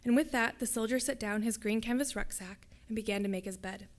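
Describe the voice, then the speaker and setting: A woman's voice: on the high side, fairly quick. Woman reading her story aloud. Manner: steady, descriptive storytelling. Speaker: graduate student reader. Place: lecture hall.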